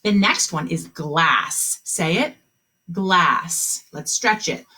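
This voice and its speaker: A woman teaching a kindergarten phonics lesson on a video call, speaking slowly and encouragingly and stretching out the sounds of words for young children. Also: on the low side, expressive, bright, forceful tone, slightly rough.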